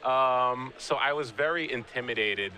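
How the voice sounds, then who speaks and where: A man in his thirties doing live game commentary, a chatty and animated storyteller who often restarts his sentences. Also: medium pitch, a little slow. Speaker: guest commentator, pro player.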